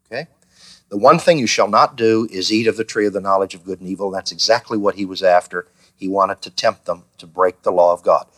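A man's voice: low voice, brisk, a bit bright. Man teaching a Bible class. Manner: asks the class questions, acts out quoted lines.

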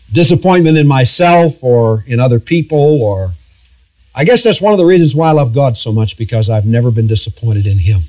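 Middle-aged male pastor, somewhat high voice, confessional and earnest sermon delivery. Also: a little mellow. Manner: earnest, halting, confessional, with frequent restarts.

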